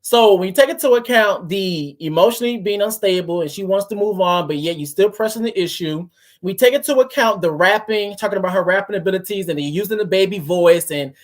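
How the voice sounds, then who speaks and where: A woman delivers reaction commentary in her ordinary, mid-pitched voice. She dissects tone and word choice point by point, in the manner of someone building a case. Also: a little fast. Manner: analytical, picks apart tone and wording.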